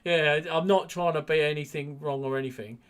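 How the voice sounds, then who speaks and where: A man's voice: fairly high pitch, fairly even intonation, brisk, smooth. A man co-hosting a casual boxing podcast, chatty and rambling, with lots of restarts. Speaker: podcast co-host.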